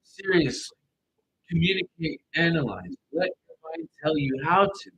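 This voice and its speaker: Man, fairly high voice, tarot reader, blunt, profane, rambling. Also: very animated, normal speed, fairly bright tone, husky, low-quality recording. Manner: loose, rambling phrasing. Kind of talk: casual online tarot reading.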